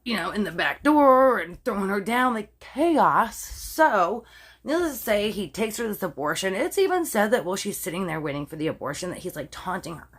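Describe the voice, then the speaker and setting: A woman's voice: mid-range voice, normal speed, husky. A Canadian woman telling a true crime story to her viewers in a casual, chatty way, full of "like" and swear words she stops herself from saying. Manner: chatty, animated, heavy use of "like", self-censoring swears.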